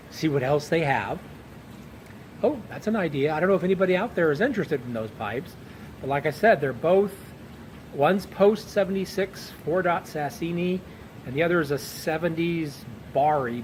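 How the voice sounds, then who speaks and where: A pipe-smoking vlogger chats casually, spinning a rambling story full of chuckles as he sits on a bench outdoors at night. His voice is a little high, and the low-quality recording carries a slight hiss or hum.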